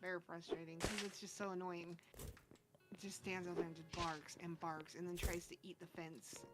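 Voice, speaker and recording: A woman's voice: lowish voice, level tone, normal speed. A woman chatting casually on a live stream, telling an exasperated story with lots of fillers. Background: background music.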